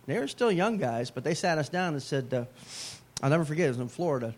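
A man's voice: on the high side, animated, fast. A middle-aged man preaching a sermon as a pastor, in a conversational way with joking asides.

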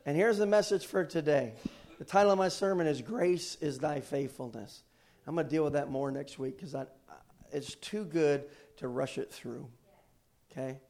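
Casting: male pastor, slightly high voice, fervent pulpit preacher with folksy asides, church sanctuary. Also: moderate pace. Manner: preaching with rising intensity, then quiet storytelling. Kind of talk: sermon.

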